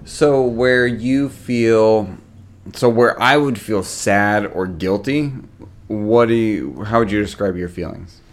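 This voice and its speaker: Animated, swearing man co-hosting a podcast. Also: lowish voice, takes it slowly. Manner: animated storyteller, acts out quotes, swears a lot. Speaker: podcast co-host. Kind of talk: casual podcast chat.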